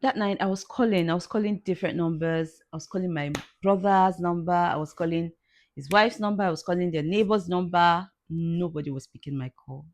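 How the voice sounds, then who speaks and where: A woman telling a personal loss story in a vlog, halting and repeating herself, crying at times. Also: fairly low pitch. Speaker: vlogger.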